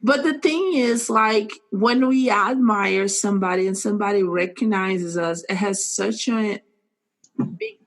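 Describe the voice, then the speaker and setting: Animated woman host, playful and laughing. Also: mid-range voice, a little slow. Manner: animated, laughs often, bursts into playful acted quotes. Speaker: podcast host. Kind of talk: casual podcast chat.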